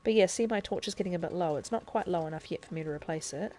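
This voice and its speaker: Woman, game streamer, chatty tutorial talk, thinking aloud, lowish pitch, faint background hiss. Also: fast talker, dark tone. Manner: chatty and explanatory, thinking aloud as she plays. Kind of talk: casual live-stream gameplay tutorial.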